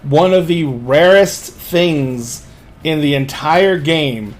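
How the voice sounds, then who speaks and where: A man's voice: fairly high pitch, slow. A man game master narrating a tabletop game scene, with frequent restarts.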